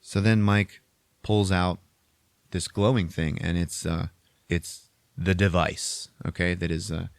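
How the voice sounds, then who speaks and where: A man in his forties hosting a podcast, retelling a film in a loose, swearing, rambling way. His voice sits low. The sound is dry and close. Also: steady tone, takes it slowly, vocal fry, no room sound. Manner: profane and rambling, lots of filler. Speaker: podcast host. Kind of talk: casual movie recap chat.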